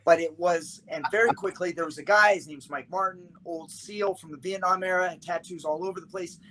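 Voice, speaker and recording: A middle-aged man telling stories as a podcast guest, emphatic and freely swearing, in a casual, animated way. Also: high voice, brisk, noisy background. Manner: emphatic, profane, animated storyteller. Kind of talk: casual storytelling chat.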